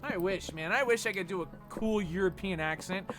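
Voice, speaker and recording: A young American man streaming games and chatting casually, animated and profane, jumping between loud outbursts and low mumbles. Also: fairly quick, faint music behind. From United States. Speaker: Twitch streamer. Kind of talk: casual live-stream chat while gaming.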